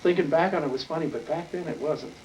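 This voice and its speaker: A man's voice: a little high, fast, a little mellow. Older man telling a rambling folksy tale. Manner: folksy, rambling, chuckling storyteller. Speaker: interviewee. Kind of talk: oral history storytelling. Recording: distant mic with faint noise.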